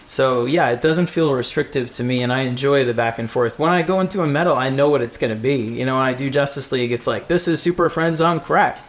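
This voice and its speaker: A man speaking as a comic book writer on a live panel, animated and rambling, laughing between thoughts. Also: medium pitch, fast, hardly any pauses, slight background noise. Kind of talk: casual live panel talk. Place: live event before an audience.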